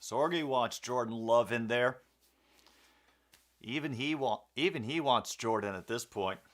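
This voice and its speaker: A man's voice: medium pitch, unhurried. Chatty man calling a game casually. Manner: chatty, rambling, with many fillers and restarts. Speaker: host of a sports commentary stream. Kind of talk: casual play-by-play commentary and viewer chat.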